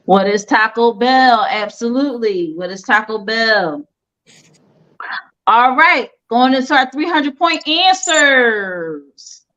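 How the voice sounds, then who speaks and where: Slow, playful woman hosting a quiz. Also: fairly high pitch, lively intonation, fairly bright tone, dull audio. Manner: playful, teasing contestants. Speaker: game show host.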